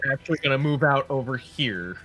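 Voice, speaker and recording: A woman with a very deep voice describes her turns as a player in a tabletop game. Her talk is relaxed and joking, with a bright tone. Her pitch moves around in a lively way. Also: a little fast, faint music behind.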